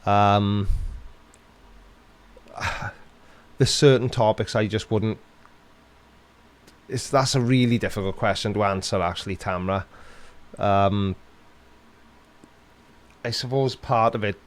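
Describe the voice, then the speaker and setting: Chatting on a live stream, a Welsh man answers one viewer question after another, laughing often and joking dryly and sarcastically. His fairly low voice stays steady, the pace is slow, and he pauses often.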